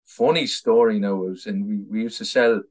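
A low-voiced Irish man talks as an interview guest. He tells stories in an easy, rambling way, stumbling and repeating words as he goes, and laughs now and then at his own anecdotes. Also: normal speed. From Ireland. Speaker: guest, political activist. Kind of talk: casual conversational storytelling.

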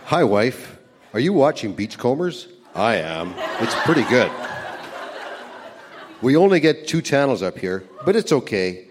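A man's voice: mid-range voice, big pitch swings, unhurried, background noise. Young man reading playful tape letters. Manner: playful, joking, laughing often. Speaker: letter writer.

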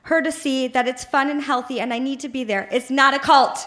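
A woman's voice: sits high, steady tone, fairly quick, noisy background. A woman reading her teenage journal aloud on stage at a live show, in a pleading, melodramatic way. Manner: pleading, melodramatic teen outbursts. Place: live bar venue.

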